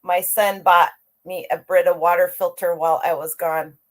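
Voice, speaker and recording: A woman's voice: fairly low pitch, fairly even intonation, normal speed. A middle-aged woman hosting a casual livestream, chatty and upbeat as she greets viewers by name. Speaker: livestream host greeting chat.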